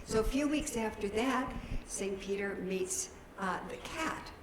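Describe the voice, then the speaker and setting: A woman's voice: mid-range voice, lively intonation, measured pace. A woman minister, giving a chatty, folksy sermon in a church. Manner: chatty, folksy, laughing at her own slips. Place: church sanctuary. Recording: roomy church hall with background noise.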